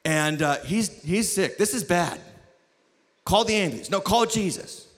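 A man preaching a sermon as lead pastor, telling the story with jokes and sudden shouts. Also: high voice, animated, a little slow. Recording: long hall reverb.

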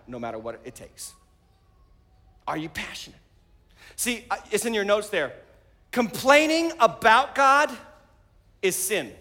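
A man preaching a sermon as pastor, animated and rising to shouts. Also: a little high. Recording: long hall reverb.

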